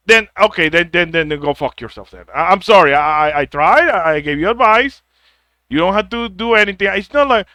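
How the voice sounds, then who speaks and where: High-voiced guy ranting, swears a lot, super animated, dry close sound. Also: normal speed, no room sound. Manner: blunt, profane, repeats words when heated; mocks others in put-on whiny quotes. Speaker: vlogger giving advice. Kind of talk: ranting monologue.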